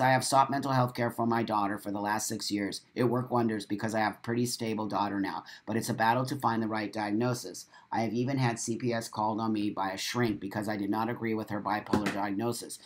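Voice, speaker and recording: A man's voice: mid-range voice, a bit bright. A man hosts a casual live stream, reading comments aloud and answering in a blunt, emphatic way. He repeats his points, swears freely and talks straight to his viewers. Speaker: livestream host.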